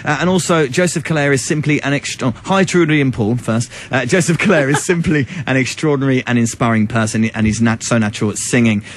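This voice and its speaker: A man hosting a radio show from a studio, bantering and joking with his guest and reading listener texts. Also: medium pitch. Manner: jokey, quick banter. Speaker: radio host.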